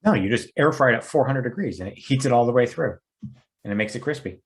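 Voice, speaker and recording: A man's voice: mid-range voice, animated, fast. A young man co-hosting a podcast in casual chat, playful and insistent. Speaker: podcast co-host.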